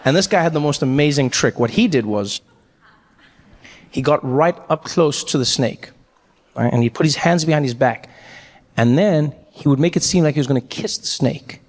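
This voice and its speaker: A male comedian telling a story on stage with lively, animated delivery and quick jumps into character voices. His voice sits high, and a long hall reverb trails each line. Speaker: stand-up comedian. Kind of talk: stand-up comedy.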